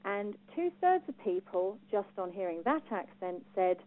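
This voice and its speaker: A woman from England with a Home Counties accent gives a lively talk on personal branding to a live audience, putting questions to them. Her pitch is medium and her pace unhurried, and the recording sounds thin, like a phone.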